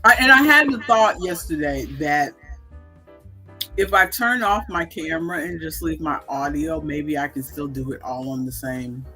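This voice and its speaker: A man co-hosting a casual livestream, playful and teasing, with a raspy voice. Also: a little high, moderate pace, pushed and bright, soft background music. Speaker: livestream co-host. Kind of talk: casual chat.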